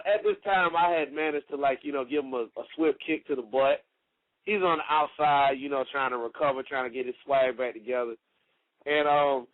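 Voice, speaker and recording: A man's voice: on the high side, no room sound. A man, a wrestler guest on a radio show, telling stories in a rambling, casual way full of "you know" and "like". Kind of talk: casual storytelling. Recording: tinny dry phone line.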